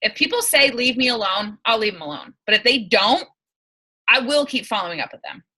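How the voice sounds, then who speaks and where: A woman's voice: on the high side, animated, a little fast, pushed and bright, slightly rough, low-quality recording. A young woman leading her team on a video call, giving casual, emphatic coaching and laughing often. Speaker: team leader.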